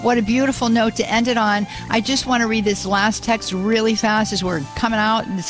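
A woman hosting a Catholic call-in radio show, warmly effusive and fond of repeating words like "beautiful". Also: on the high side, steady tone, a little fast, few pauses, soft background music.

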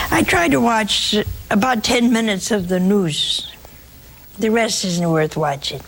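A woman's voice: medium pitch, a bit bright, a little hiss or hum, low-quality recording. A woman preaching a sermon in a folksy, humorous way, acting out the scripture stories as she goes.

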